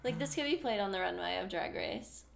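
A woman co-hosting a podcast in casual chat, chiming in with quick agreement and joking asides. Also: medium pitch, animated, vocal fry, a little hiss or hum. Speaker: podcast co-host.

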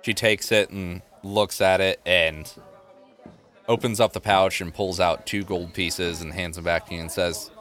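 A man narrating as game master in a tabletop game, relaxed and laid-back as he improvises. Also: sits low, measured pace.

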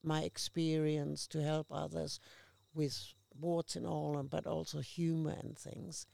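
Woman interview guest, very gravelly, slow and unhurried, slips into other people's voices as she tells stories. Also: low-pitched. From Australia. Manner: animated storyteller acting out quoted voices. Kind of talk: casual storytelling conversation.

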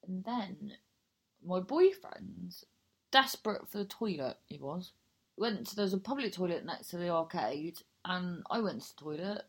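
A woman's voice: on the low side, expressive, unhurried, creaky, husky. A young woman telling a rambling, sweary personal anecdote in a casual chat, breaking into laughter and digressions.

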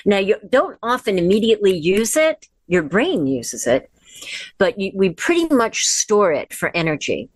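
A woman's voice: medium pitch, sing-song, dry recording. Chatty woman coaching from home. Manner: chatty, encouraging, slows down for imagery. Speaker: wellness host. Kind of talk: casual instructional livestream. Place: at home with her dog. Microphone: device camera.

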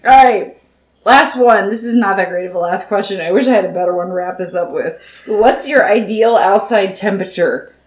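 A woman's voice: medium pitch, a little fast. A woman hosting a casual, giggly late-night family podcast chat. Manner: giggly, chatty. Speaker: podcast host asking questions.

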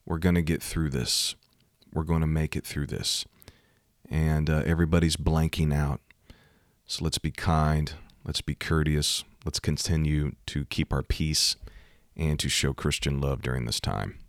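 A man's voice: very deep voice, fairly even intonation, measured pace, no room sound, clean studio sound. A man hosting a Christian podcast, telling a story in an earnest, folksy way. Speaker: podcast host. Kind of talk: storytelling devotional podcast talk.

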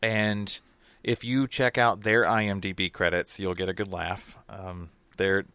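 A man's voice: deep voice, level tone, a little slow, sharp tone, smooth, no echo. A man in casual podcast chat, rambling with lots of fillers and restarts. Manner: rambling, hesitant, many fillers. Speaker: podcast co-host reviewing a film.

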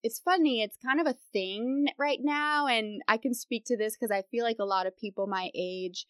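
A young woman speaking as a guest in a podcast interview, casual and giving advice, often laughing and dropping into vocal fry at the ends of sentences. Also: fairly high pitch, normal speed, no room sound. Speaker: guest voice expert.

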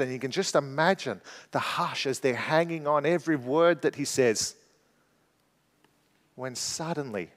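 A man preaching a sermon, explaining a scripture passage and moving between hushed and emphatic delivery. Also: medium pitch, in a large hall.

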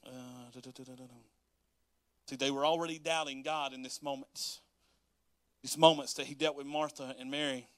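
A man preaching a sermon, walking through scripture verse by verse in a lively, animated way and acting out the quotes. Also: medium pitch, moderate pace, no echo. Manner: animated, laughs often, acts out quotes. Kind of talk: sermon reading and explaining scripture.

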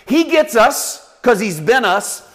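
Animated conversational male preacher. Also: very high voice, slow pace. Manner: conversational, animated, with acted asides. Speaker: pastor. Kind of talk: sermon. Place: church.

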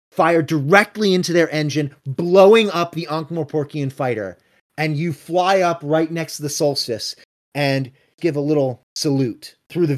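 A man running a tabletop role-playing game, narrating scenes and calling rolls in a brisk, matter-of-fact way. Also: a little high, darkish tone. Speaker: game master.

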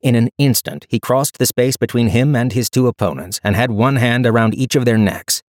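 A man narrating a fantasy short story in a measured, even storytelling voice. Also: medium pitch, no echo, clean studio sound. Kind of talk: audiobook narration.

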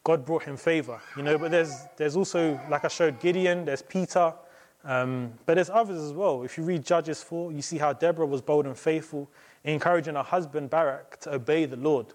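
A man's voice: fairly high pitch, moderate pace, darkish tone. A young man preaching a sermon as a visiting speaker, talking in a loose, conversational way with many fillers.

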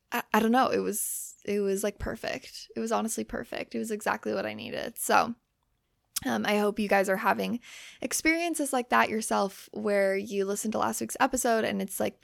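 Rambling young woman with a gravelly edge. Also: medium pitch, no room sound, studio quality. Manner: rambling, lots of "like", swearing. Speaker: podcast host. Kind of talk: casual chat. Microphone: microphone close to the face.

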